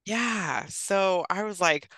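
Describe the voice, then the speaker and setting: A woman in her thirties telling a personal story as a podcast guest, chatty and animated, acting out what others said and laughing often. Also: medium pitch, slow, no room sound. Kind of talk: casual storytelling.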